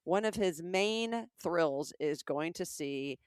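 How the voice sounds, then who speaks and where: A woman's voice: lowish voice, animated, slow, clean tone, dry recording, clean studio sound. A middle-aged woman from the American South with a Southern accent, co-hosting a podcast with wry asides and explanations. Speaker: podcast co-host. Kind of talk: casual chat.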